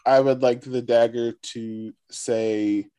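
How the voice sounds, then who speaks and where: A man playing a tabletop game, speaking deliberately. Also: mid-range voice, level tone, crowd noise. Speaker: player. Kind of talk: tabletop game role-play.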